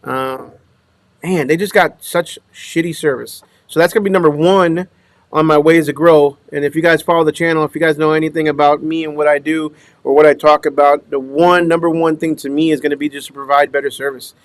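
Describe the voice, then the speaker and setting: A man's voice: fairly high pitch, steady tone, brisk, no room sound. A man from Minnesota who runs a dumpster rental business, chatting casually on a livestream, greeting viewers by name and trailing off into mumbles. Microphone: small clip-on microphone.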